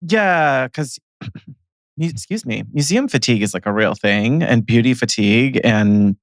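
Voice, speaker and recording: A man's voice: mid-range voice, expressive, unhurried, no room sound, clean studio sound. A man co-hosting a casual podcast chat, playful and joking, laughing easily. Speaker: podcast co-host.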